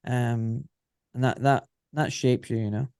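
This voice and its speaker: A man's voice: mid-range voice, steady tone, a little slow, vocal fry, a little mellow, clear, resonant tone, no room sound, clean studio sound. A Scottish man in his forties, an orthopaedic surgeon, telling stories in a casual, rambling interview full of filler phrases. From Scotland.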